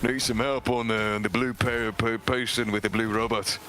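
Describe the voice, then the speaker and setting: A man with an English accent talking on in-game voice chat, gruff and mock-menacing, calling everyone mate. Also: on the low side, level tone, normal speed, sharp tone. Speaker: online game teammate.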